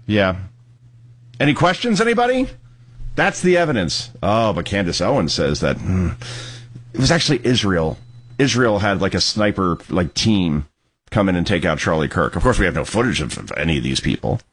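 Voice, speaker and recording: A middle-aged man hosting a commentary show, sarcastic and mocking, who bursts into yelling. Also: low voice, brisk, breathy edge. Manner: animated, mocking, yells in bursts. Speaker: host. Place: studio in New Jersey.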